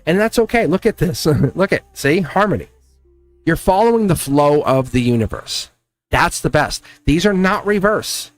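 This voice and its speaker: A man giving a live-stream tarot reading, emphatic and animated, laughing often and slipping into a scolding teacher tone. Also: fairly high pitch, moderate pace, dry recording, faint music behind. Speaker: tarot reader.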